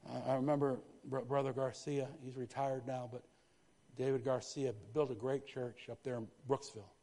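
A man preaching a sermon in a church, lively, with frequent asides to the congregation. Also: medium pitch, normal speed. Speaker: pastor. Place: church sanctuary. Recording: long hall reverb.

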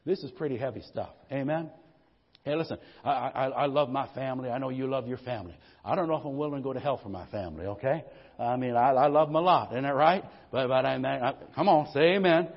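A man preaching a sermon, with a husky voice, who rises to loud passionate peaks and keeps asking the congregation for amens. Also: medium pitch, quick pace, big-room sound, muffled recording. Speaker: pastor.

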